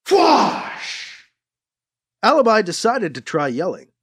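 An audiobook narrator reading an action story in a lively storytelling manner. The voice ranges very widely in pitch. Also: normal speed. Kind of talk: scripted narration.

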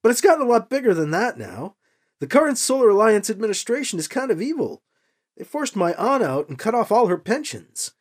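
A man raising his voice high to play an earnest young rebel on the run, bright and lively in pitch. He sounds urgent and a little defensive, with a husky edge to the voice, as in a read-aloud sci-fi story. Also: a little fast.

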